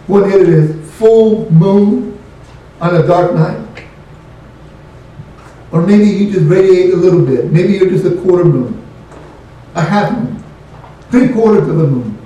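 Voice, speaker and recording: A man's voice: high voice, mellow, muffled recording. A man preaching a sermon, emphatic and questioning, repeating key phrases to his congregation. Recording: very echoey room, voice from a distant mic.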